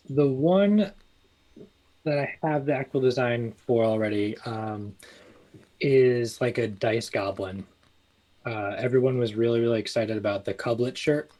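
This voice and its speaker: A man's voice: medium pitch, low-quality recording. A man, a guest chatting casually about his small clothing business with lots of fillers. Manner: relaxed, rambling with many fillers and restarts. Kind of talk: casual interview chat.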